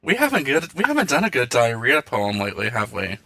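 A man co-hosts a podcast in loose, campy chat and teases his partner. His voice is very bright and bounces all over. The sound is dry and close. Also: mid-range voice, wildly swooping pitch, a little fast, no echo. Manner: campy, teasing, laughing. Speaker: podcast co-host. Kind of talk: casual chat.

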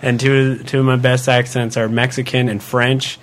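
A man's voice: medium pitch, level tone, moderate pace. A man in casual podcast chat, joking around and laughing easily. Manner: joking, bursts into laughter, puts on silly accents.

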